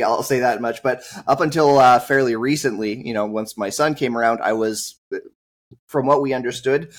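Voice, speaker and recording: A man appearing as a podcast guest, talking about his family name in a friendly, hesitant way. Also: mid-range voice. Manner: friendly, hesitant, many fillers. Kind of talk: casual interview chat.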